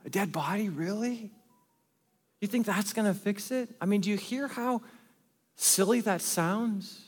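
A pastor with a fairly high voice delivers an earnest sermon, swinging from forceful emphasis to quiet, hushed asides. His words ring out with a long reverb in a large church hall. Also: unhurried.

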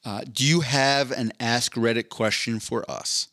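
A man's voice: mid-range voice, fairly even intonation, measured pace, bright, forceful tone, no echo. A man co-hosting a podcast in casual chat, rambling and swearing, often breaking into laughter mid-sentence. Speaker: podcast co-host.

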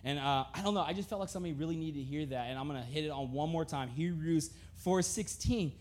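A young man preaching a sermon in a casual, animated storytelling way, often laughing, then dropping to a soft, slow, earnest tone. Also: on the high side.

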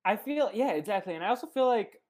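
A man's voice: high voice, expressive, fast, darkish tone. A man who is a guest on a podcast, chatting casually and recapping a movie plot with many fillers. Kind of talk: casual chat.

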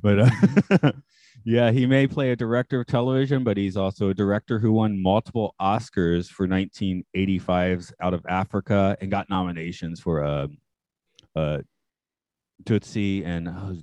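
Podcast host, man, low voice; dry close mic; easygoing, laughs a lot, halting. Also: steady tone, warm tone, dry recording. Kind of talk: casual podcast chat.

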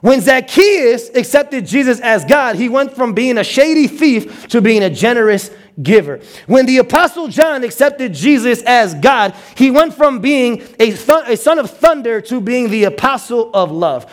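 A male pastor preaching with a notably high voice. He swings into quoted voices and repeats words as he pushes his points along. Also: normal speed, hardly any pauses. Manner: animated, acts out quotes with stammered repeats. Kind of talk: sermon.

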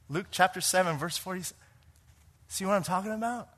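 A pastor preaching to his congregation, his voice pitched a little high and carrying a bright, forceful edge. He moves between quiet, hushed lines and emphatic ones, often turning to the people with questions. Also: fairly quick, pauses often. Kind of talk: sermon.

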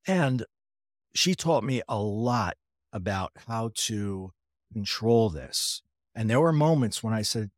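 A man's voice: lowish voice, expressive, slow pace, dry recording, clean studio sound. A man telling his personal story in a conversational way, retelling what others said with frequent restarts and wry, self-deprecating asides. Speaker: interview guest.

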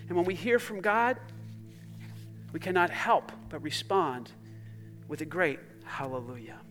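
A male pastor preaching a sermon to a congregation, swinging between fervent exclamations and hushed passages, with jokey asides. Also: high voice, sing-song, measured pace, long pauses, faint music behind.

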